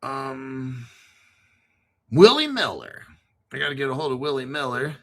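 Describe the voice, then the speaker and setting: A man's voice: medium pitch, very animated, a little slow, a bit bright. A man hosting a casual crypto livestream, rambling through long lists of names and swearing freely as he chats with viewers. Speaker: crypto show host.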